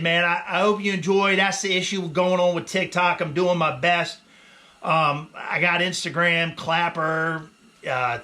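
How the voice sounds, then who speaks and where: A man's voice: fairly high pitch, pushed and bright, a little hiss or hum. A man in his forties, a firefighter, telling a story in a casual vlog in a laid-back way, laughing often and saying "man" a lot. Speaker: vlogger, firefighter.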